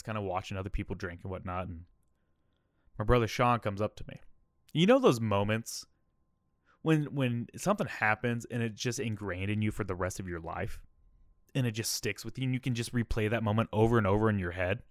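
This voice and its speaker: Candid man with a lowish voice. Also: dry recording, studio quality. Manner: candid, rambling, keeps adding "all right?" and "okay?". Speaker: podcast host. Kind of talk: personal storytelling monologue.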